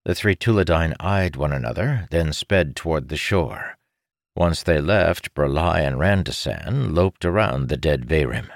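Deep-voiced male storybook narrator. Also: expressive, unhurried, creaky, no room sound, clean studio sound. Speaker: audiobook narrator. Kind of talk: scripted narration.

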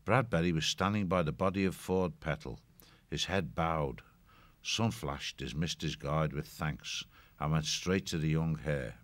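A man narrating an audiobook in a steady, measured storytelling style. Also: extremely low pitch, dry recording.

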